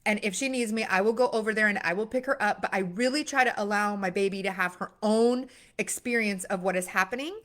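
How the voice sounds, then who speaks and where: A woman's voice: medium pitch, fast talker, fairly bright tone. A young woman giving a casual motivational talk, earnest, with many fillers and restarts. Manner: acts out worried voices with sudden gasps. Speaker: mindset coach. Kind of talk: motivational monologue.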